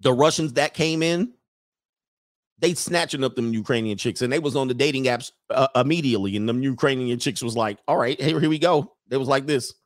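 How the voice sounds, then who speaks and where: Brief: male livestream host, animated and emphatic rant, mid-pitched voice, close dry sound. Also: fairly quick, dry recording.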